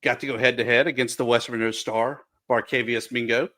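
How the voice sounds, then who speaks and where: A man's voice: mid-range voice, steady tone, a little fast, bright, forceful tone. A man hosting a sports podcast, chatting in an easygoing way, telling a short anecdote and closing out the show. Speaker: podcast host. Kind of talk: casual podcast chat.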